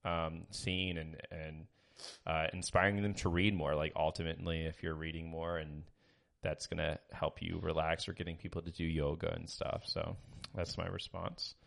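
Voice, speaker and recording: A man's voice: very deep voice, little pitch movement, normal speed, creaky, a bit bright. A man co-hosting a podcast, chatting casually and hesitantly with many fillers, reading listener reviews aloud. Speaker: podcast co-host. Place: small home studio.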